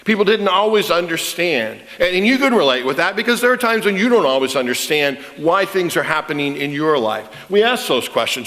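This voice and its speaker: A man preaching a sermon as a pastor, telling stories in an animated way and repeating words as he starts phrases. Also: a little high, fairly quick, hardly any pauses. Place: church sanctuary. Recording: reverberant church sanctuary.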